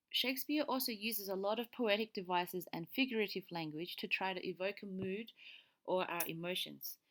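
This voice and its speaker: A woman's voice: mid-range voice, fairly bright tone. A woman teacher giving a recorded lesson, explaining patiently step by step and checking in with a frequent "okay".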